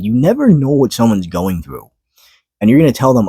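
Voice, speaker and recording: Tired guy venting to his camera, kinda husky low voice, dry sound, lots of pauses and swearing. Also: lively intonation, darkish tone, no room sound. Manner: weary, halting, pauses to collect thoughts; swears and rises in pitch when frustrated. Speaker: vlogger. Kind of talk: unscripted personal monologue to camera. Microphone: camera mic.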